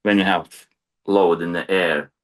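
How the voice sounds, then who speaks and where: A man's voice: low voice, steady tone, unhurried. A man who is a crane supervisor, talking in casual podcast chat, plain-spoken and peppered with "you know".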